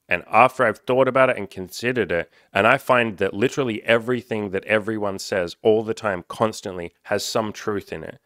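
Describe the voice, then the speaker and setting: A man's voice: lowish voice, a bit bright, no echo, studio quality. A man talking as a coach in a candid self-help monologue, frank and reflective, swearing freely.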